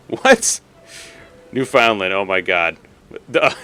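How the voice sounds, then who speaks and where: A man's voice: mid-range voice, wildly swooping pitch, extremely slow, pauses often, sharp tone, soft background music. A man from Massachusetts chatting casually on a live stream while gaming, rambling, laughing and swearing freely.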